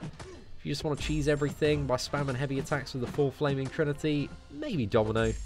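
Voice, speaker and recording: A young British man answers viewer questions on a game live stream, relaxed and chatty, often ending sentences with "man." His voice is a little high and brisk, with soft music in the background.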